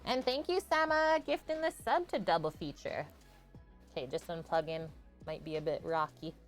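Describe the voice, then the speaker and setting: A woman's voice: deep voice, normal speed, faint music behind. A woman from Canada chatting casually on a live cooking stream, greeting and thanking viewers by name and laughing often.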